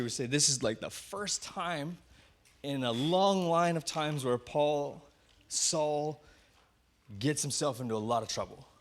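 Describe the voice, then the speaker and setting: A male pastor preaching a sermon in a conversational storytelling way, slowing down to dwell on key words, with self-deprecating asides. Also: fairly high pitch, slight background noise.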